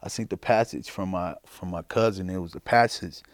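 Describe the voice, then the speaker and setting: Very deep-voiced middle-aged man from Chicago. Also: no echo. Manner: halting, informal, many "you know" and "man" fillers. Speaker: interviewee. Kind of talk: personal testimony.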